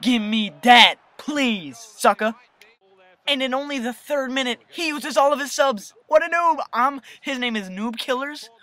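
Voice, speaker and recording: A young gamer giving excitable gameplay commentary over a football video game, swinging between hype and annoyed rants. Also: sits high, unhurried. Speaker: gaming video host.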